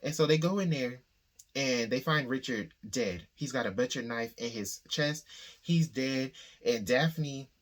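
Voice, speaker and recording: Male book-discussion host, middle pitch, relaxed conversational plot recap that dips into characters' quoted lines. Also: unhurried. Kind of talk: casual plot summary.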